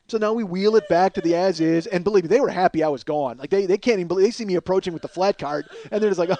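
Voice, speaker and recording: A man hosting a podcast, telling a comic story in a profane, animated way and laughing along at his own tale. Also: sits high, fast talker, few pauses. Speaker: podcast host.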